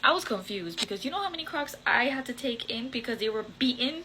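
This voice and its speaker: A young woman vlogger telling a storytime, animated and blunt, swearing casually and dropping Spanish words into her English. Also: on the high side, quick pace, a little hiss or hum, rough recording. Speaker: content creator. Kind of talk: storytime vlog.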